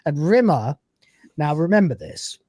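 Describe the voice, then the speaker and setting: A man's voice: a little high, very animated, measured pace, a little mellow, breathy edge, no room sound, clean studio sound. A man casually recapping an episode, rambling with fillers and swearing offhand. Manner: rambling, with many fillers and restarts. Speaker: host.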